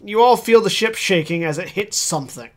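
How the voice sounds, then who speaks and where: High-voiced man running a tabletop game. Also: lively intonation, a little fast, over a noisy crowd. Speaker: game master.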